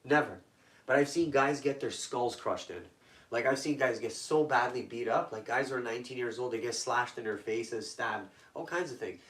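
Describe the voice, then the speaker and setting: A man's voice: mid-range voice, normal speed, a bit bright, distant mic. A man from Toronto telling intense personal stories as a guest, in blunt, profane street talk. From Toronto, Canada. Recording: echoey room, voice off-mic.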